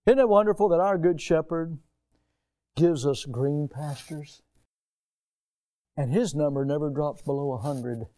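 A man from the United States preaches a sermon, his voice mellow and resonant and pitched a little high. He moves between hushed, lower stretches and loud, lifted emphasis. He delivers it with a pastor's steady pulpit cadence. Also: measured pace, pauses often.

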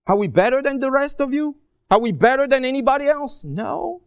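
A man preaching a sermon as a guest preacher, stretching key phrases out slowly and swinging from soft asides to raised, pleading lines. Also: sits high, lively intonation, vocal fry, no echo, clean studio sound. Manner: slow, drawn-out emphasis on key phrases.

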